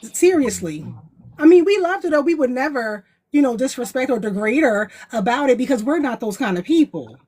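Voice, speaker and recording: A woman's voice: sits high, animated, fairly quick, a little mellow, slightly rough. A woman panelist chatting casually and telling anecdotes, acting out what people said. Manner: chatty anecdotal storyteller, acts out quotes. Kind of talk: casual storytelling chat.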